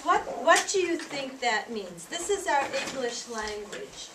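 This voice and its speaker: An American woman training tutors in a workshop, talking in an animated, emphatic way and demonstrating sounds aloud. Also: high-pitched, a little slow, noisy background. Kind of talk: teaching workshop presentation. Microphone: distant room mic. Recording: echoey room from a distance, faint ambience.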